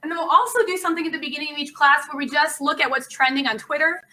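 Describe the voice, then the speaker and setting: A woman lecturing a class in a loose, conversational way, often stopping for an um or an uh. Her voice is very bright and sits a little high. It is picked up from across a classroom. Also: very fast, recorded from a distance, a little hiss or hum, low-quality recording. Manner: chatty, loose, with frequent ums and uhs. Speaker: instructor.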